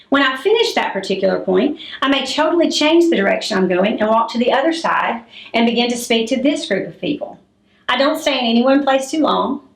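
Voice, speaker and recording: A fairly high-pitched, middle-aged woman teaching a public speaking lesson. She talks clearly and demonstratively, acting out her examples. The room around her is echoey.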